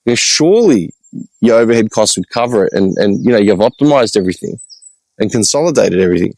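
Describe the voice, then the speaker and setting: An Australian man, a podcast host, telling stories in an animated, exasperated way with blunt swearing, in a casual walk-and-talk vlog. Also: lowish voice, fast talker, dry recording, low-quality recording. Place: outdoor hillside cemetery with birds.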